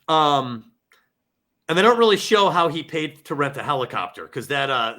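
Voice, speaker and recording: Man, 40s, high pitch, bright tense tone, laughing, casual film talk. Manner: amused, laughing, restarts mid-sentence. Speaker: podcast host.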